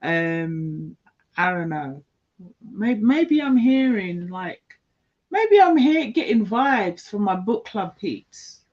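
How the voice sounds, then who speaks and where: A woman giving a casual tarot reading, talking slowly through each card as she lays it out. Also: medium pitch, very animated, darkish tone. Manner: slow, musing, talks through each card. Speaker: tarot reader. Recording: dull lo-fi sound.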